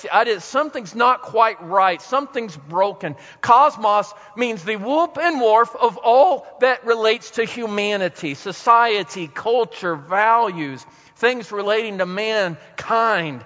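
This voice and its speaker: A male pastor preaching a sermon with dramatic pauses, swinging between soft and loud emphasis, in a church hall. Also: high voice, animated. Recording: dull recording in a reverberant hall.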